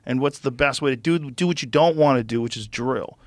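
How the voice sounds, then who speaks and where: Pria pembawa acara podcast yang mengobrol santai dan bersemangat, sering mengumpat saat menjelaskan sesuatu. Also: male voice, mid-range voice, a little fast, no echo. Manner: animated, swears freely, explains with enthusiasm. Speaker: podcast host. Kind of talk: casual studio chat. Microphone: studio microphone.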